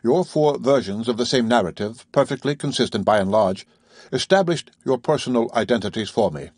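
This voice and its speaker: A composed, commanding ship's captain speaks in measured, penetrating tones, as a male audiobook reader voices him. The voice is slightly husky and sits at an ordinary middle pitch. The recording is dry and close. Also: animated, a little mellow, no room sound. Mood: calm. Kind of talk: audiobook reading.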